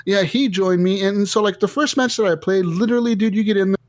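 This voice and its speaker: A man hosting a casual gaming podcast, telling stories in an animated way and swearing a lot. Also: high-pitched, quick pace, dry recording. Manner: animated storytelling, heavy swearing. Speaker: podcast host.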